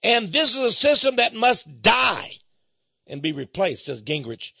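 A man with a high, bright voice delivers a talk radio monologue, his pitch swinging widely as he reads passages aloud and breaks in with mock alarm. The sound is dry and a little dull. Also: big pitch swings, measured pace, gravelly, slightly rough, dry recording. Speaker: radio host. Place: studio office.

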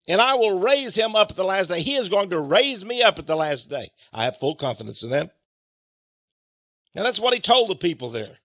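Reading passages of scripture and unpacking their meaning, a male preacher speaks with emphasis in a high-pitched, rather bright voice. He peppers the audience with rhetorical questions and lets out small chuckles between points; the audio is dry.

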